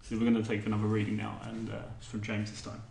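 A man moderating a group discussion, asking questions in a halting way full of fillers. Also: fairly low pitch, monotone, vocal fry, darkish tone, reverberant. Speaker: group facilitator.

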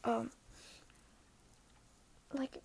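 A teenage girl posts a casual vlog, speaking earnestly and hesitantly and often dropping into a half-whisper. Her voice is a little mellow and extremely slow, with slight background noise.

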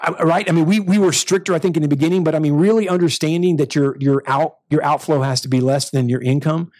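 A male pastor delivers a sermon in an emphatic, restarting style that keeps surging upward. His voice sits a little high for a man. The sound is dry and close, with no room around it. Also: fast, a little mellow, no room sound. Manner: emphatic, with repeated restarts and rising bursts.

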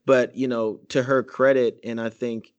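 Mid-pitched guy going off about a show episode, slangy, lots of "big facts" and "bro". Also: little pitch movement, lo-fi sound. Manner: emphatic, slangy, quick agreeing interjections. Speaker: podcast co-host. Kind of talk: casual chat recapping a TV episode.

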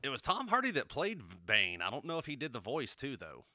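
A man's voice: medium pitch, wildly swooping pitch, a little fast, sharp tone, no room sound. A man co-hosting a podcast in casual chat, joking and rambling, swearing freely. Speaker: podcast co-host.

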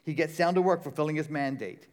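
A man preaching a sermon in a conversational, rhetorical way, often checking in with a quick "right?". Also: on the high side. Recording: long reverb of a large hall.

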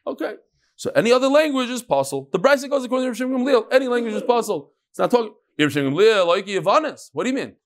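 A man teaching a Talmud class, asking and answering his own questions in an animated, rhetorical way. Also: very high voice, racing.

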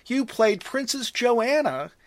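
A man's voice: very high-pitched, sing-song, slow pace, no echo. A man in his fifties hosting an interview, asking friendly, admiring questions. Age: 50s. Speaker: interview host. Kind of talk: casual interview.

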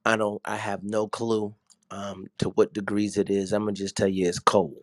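A middle-aged man, a pastor, chatting in a relaxed, unhurried way with frequent ums. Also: lowish voice, dry recording. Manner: relaxed and slow, many ums. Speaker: pastor and co-host. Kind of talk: casual morning check-in.

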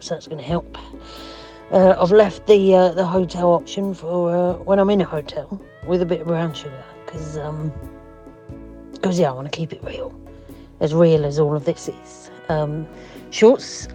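A podcast regular recording a chatty, jokey message, excitable and playful as he talks. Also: high-pitched, muffled recording.

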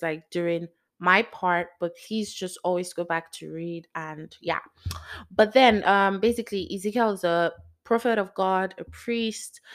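A woman talking casually to her viewers about her faith, rambling and excitable, with many fillers and asides. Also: lowish voice. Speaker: faith vlogger. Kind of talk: casual devotional talk to viewers.

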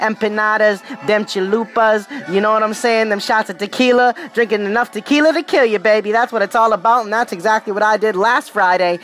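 A podcast host, a little tipsy, reading history in a casual, playful way with slangy joking asides. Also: medium pitch. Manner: hyped, playful, streetwise slang, repeats "ladies and gentlemen".

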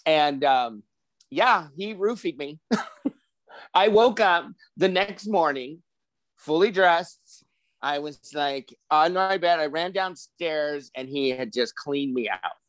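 A man around sixty hosting a casual podcast chat, telling a long personal story in an animated way and acting out what other people said. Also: a little high, takes it slowly, dry recording. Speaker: podcast host.

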